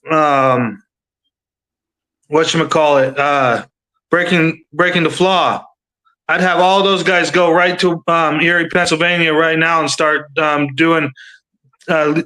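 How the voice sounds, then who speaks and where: A man with a fairly high, very bright and forceful voice rants on a video-call livestream. He rambles, stacks filler words and swears freely in loose casual chat. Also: low-quality recording. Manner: rambling, profane, many fillers. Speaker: panel commentator.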